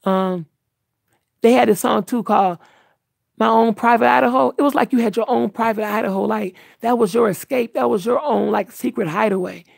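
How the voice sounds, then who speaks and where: A woman's voice: a little high, normal speed, gravelly, no echo, studio quality. A woman hosting a livestream, chatting casually with viewers in a meandering way, full of restarts and fillers. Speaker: livestream host answering viewers. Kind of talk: casual rambling chat.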